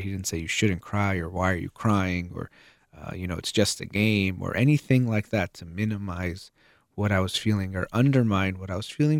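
A man with a fairly low voice talks earnestly about raising children, mixing a personal story with examples of what a parent might say. The sound is dry and close, with no room echo. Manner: earnest, explains with personal stories and quoted examples. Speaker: parenting advice speaker. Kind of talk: conversational advice talk.

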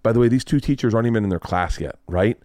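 Podcast host guy, lowish voice, swears a lot, does all the voices in his story, dry mic. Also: fast talker, no room sound. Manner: animated, acts out quoted voices, swears freely. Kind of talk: casual storytelling.

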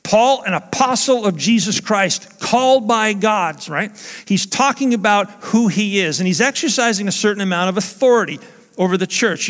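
High-voiced pastor preaching in reverberant church. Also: male voice, fairly bright tone. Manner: earnest, emphatic preaching with repeated phrases. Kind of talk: sermon.

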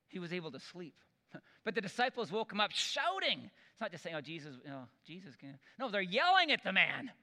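A man delivers a sermon, his voice sitting a little high and sounding bright and forceful. He brings the stories to life by acting out the quoted voices. A long reverb trails after each phrase, as in a big hall. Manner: animated storytelling with acted-out quotes. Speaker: preacher.

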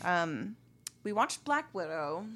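A woman's voice: lowish voice, very animated, slow pace, a bit bright. Woman, young adult, podcast guest, casual rambling chat, filler-heavy, giggly.

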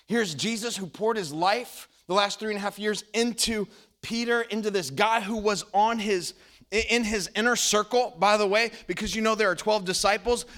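A male pastor preaches to a church, retelling a story with lively, dramatic delivery. His voice sits high for a man, and he slips into the voices of the people he quotes. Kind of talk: sermon.

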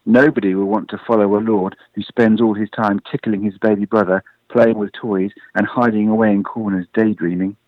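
A stern older sister rabbit from a storybook lectures and scolds, as a man puts her on in a low voice. The sound is dry and dull, like lo-fi radio. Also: fairly even intonation, moderate pace, few pauses, dry recording, close to an everyday voice. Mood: scolding.

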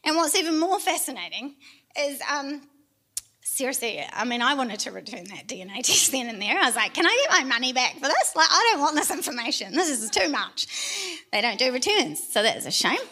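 A woman's voice: high-pitched, sing-song, a little fast, sharp tone. A middle-aged woman pastor, telling a personal testimony in a chatty, self-deprecating way with laughing asides. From New Zealand.

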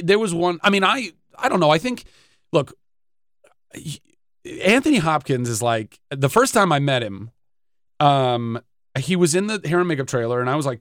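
A man from Southern California chats as a radio guest, animated and excitable, his voice leaping upward when a story gets going. His voice sits a little higher than most men's. The studio sound is dry and close. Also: dry recording. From Southern California, USA. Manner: animated, excitable storyteller with sudden pitch jumps. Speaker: actor, interview guest. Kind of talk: casual interview chat.

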